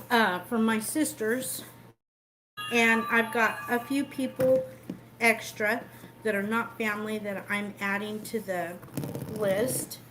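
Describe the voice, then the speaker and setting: A talkative woman hosting a home cooking stream, her voice sitting a little high. She walks through each step as she works. The audio carries a steady layer of background noise. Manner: chatty, explains each step while cooking. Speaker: cooking show host. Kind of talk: casual cooking livestream.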